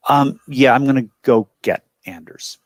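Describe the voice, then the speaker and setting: A man's voice: mid-range voice, unhurried, no echo. A man playing a character in a tabletop game, talking in a wry, playful way. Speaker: player.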